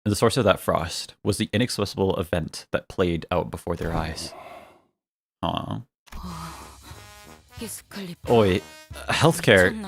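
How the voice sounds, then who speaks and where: A man's voice: low voice, unhurried, gravelly, long pauses, faint music behind. A young man streaming a game, reading its dialogue aloud in playful voices and joking with his chat.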